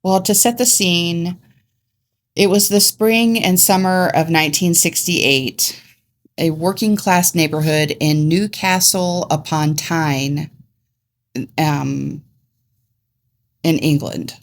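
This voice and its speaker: A woman from Ohio, United States, co-hosts a casual true crime podcast, laughing at her own mix-ups before reading the case notes plainly. Her voice is on the low side and slow, with frequent pauses and slight background noise.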